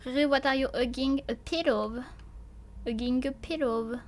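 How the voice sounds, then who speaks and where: This French-accented streamer has a high voice and a moderate pace as she narrates her game live. She stammers and jumps around, often breaking into laughter or swearing.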